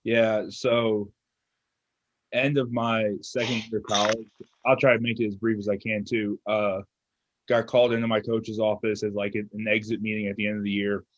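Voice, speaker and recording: A man's voice: fairly low pitch, normal speed, dry recording, highs cut off. A young man in his twenties, a fitness coach, telling a story in casual chat and acting out what people said. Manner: animated storyteller acting out quotes.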